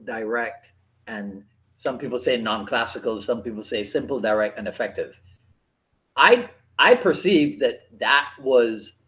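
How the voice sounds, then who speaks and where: A man hosting an interview, asking measured, thoughtful questions over a video call. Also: mid-range voice, a bit bright, rough recording. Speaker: podcast host.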